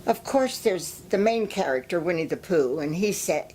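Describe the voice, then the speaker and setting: A woman reads a children's story aloud in a lowish voice. She explains things gently and now and then stumbles and restarts. A faint hum sits behind her. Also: lively intonation, moderate pace, hardly any pauses. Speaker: storybook reader.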